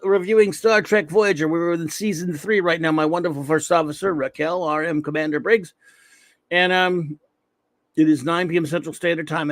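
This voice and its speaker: Guy hosting a livestream, loud and upbeat, a bit high, gravelly, dry sound. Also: dry recording. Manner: energetic, loud shout-outs to viewers. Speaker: livestream host. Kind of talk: casual livestream chat.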